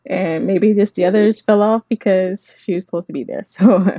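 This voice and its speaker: A woman who writes screenplays and supervises scripts tells animated stories in a casual interview, often restarting her sentences. Her mid-range voice moves at a normal pace, recorded lo-fi with no room sound.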